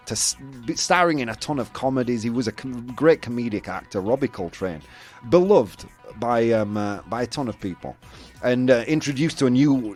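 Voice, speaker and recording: A young man from the UK hosting a casual chat show, rambling with lots of fillers and restarts. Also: medium pitch. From United Kingdom. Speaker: host.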